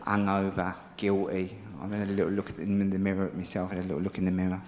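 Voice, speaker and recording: A man's voice: low-pitched, fast, few pauses. A man with a British accent telling a long comic story on stage, switching into voices for the people in it. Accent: British English. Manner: animated, jumps between voices for characters. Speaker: stand-up comedian. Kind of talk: stand-up storytelling with acted quotes. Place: live comedy stage. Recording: echoey live venue with loud audience laughter.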